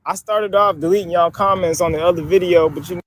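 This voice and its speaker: A man's voice: sits high, fairly even intonation, fairly quick. A man from Africa ranting casually in a clip, blunt and profane, laughing through his points. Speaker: social media video maker. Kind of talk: casual video rant.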